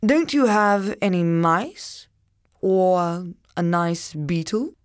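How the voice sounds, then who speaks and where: A woman voicing a small, hungry male talking owl in a storybook, slow and fussy. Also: fairly low pitch, animated, clear, resonant tone, dry recording, studio quality.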